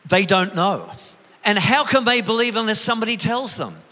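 An older man preaching a sermon as pastor, telling stories in a way that drops to a hush and builds to an emphatic rise. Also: high voice, animated, normal speed, big-room sound. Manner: emotive storytelling, swinging from hushed to rising emphatic.

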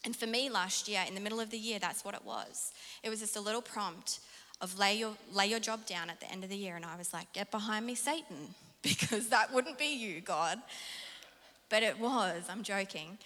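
A woman preaching a sermon from personal stories, animated and self-mocking, laughing often. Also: medium pitch, normal speed. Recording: long hall reverb.

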